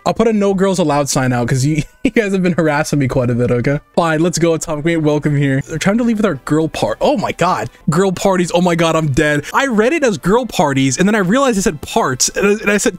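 A man's voice: lively intonation, fairly quick. A young man chatting on a live art stream, joking, swearing and mocking himself and his chat. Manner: mocks chat in high squeaky voices. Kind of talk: casual livestream chat. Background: faint music.

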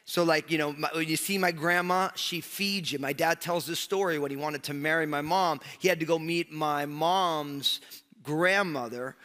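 Animated New pastor in a big hall. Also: male voice, a little high. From New Jersey, USA. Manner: animated, joking, lots of fillers. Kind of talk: storytelling sermon. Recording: long hall reverb.

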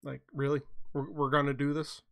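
A man's voice: a little high, flat delivery, moderate pace, vocal fry, a bit bright. A tired man hosting a casual chat, telling rambling stories with a wry, self-mocking humor. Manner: rambling, wry, chuckles at his own mishaps. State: tired, yawning. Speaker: blacksmith hosting a chat show. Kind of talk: casual storytelling.

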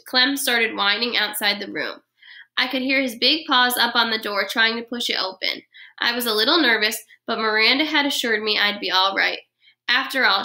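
A woman, a first grade teacher, reading a children's chapter book aloud with expressive storytelling. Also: a little high.

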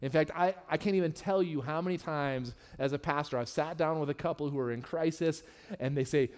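Candid, joking male pastor preaching. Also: fairly quick. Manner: candid and humorous, with lively swings in pitch and loudness. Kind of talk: sermon. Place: church sanctuary.

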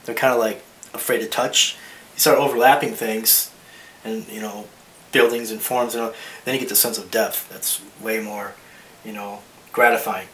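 A man's voice: on the low side, steady tone, normal speed, a bit bright. A man talks through a charcoal drawing demo as he works. He thinks aloud and rambles, often restarting his sentences. He sits back from the microphone in a roomy space, with a faint hiss under his voice. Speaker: art teacher. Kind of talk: drawing demonstration. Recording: roomy echo, mic at a distance, faint hiss.

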